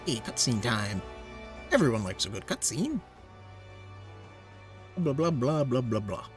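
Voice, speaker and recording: A man's voice: mid-range voice, big pitch swings, a little slow, soft background music. A young man streaming a game, chatting casually in rambling, filler-heavy asides. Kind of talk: casual let's-play commentary.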